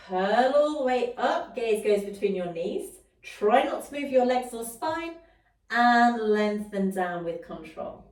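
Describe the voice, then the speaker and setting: Woman fitness instructor, slow, encouraging cues, recorded off-mic in a reverberant room. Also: medium pitch, a little mellow. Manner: encouraging, cueing breath and movement, occasional laughs. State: slightly out of breath at times. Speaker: Pilates instructor. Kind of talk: guided workout instruction. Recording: roomy echo, mic at a distance.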